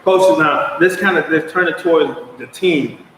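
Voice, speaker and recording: A man hosting an interview at a stadium, speaking haltingly and restarting phrases. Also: fairly high pitch, a bit bright, a little hiss or hum. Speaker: show host. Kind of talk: casual interview. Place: outdoors at a stadium. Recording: echoey, distant outdoor mic with faint ambience.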